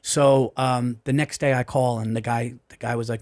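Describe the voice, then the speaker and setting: A man on a podcast tells a wild story with lots of swearing and growing excitement, jumping in and out of the voices of the people he met. His pitch sits in the middle of the male range. The sound is a close studio mic. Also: moderate pace, hardly any pauses. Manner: profane, excitable, acts out voices. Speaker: podcast guest, comedian. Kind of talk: animated storytelling.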